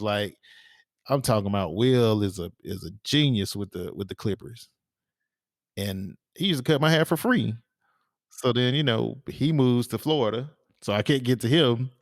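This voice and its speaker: A man's voice: on the low side, creaky, dry recording, studio quality. A man co-hosting a podcast, chatting casually and telling rambling stories with lots of fillers and restarts. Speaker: podcast co-host. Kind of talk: casual chat.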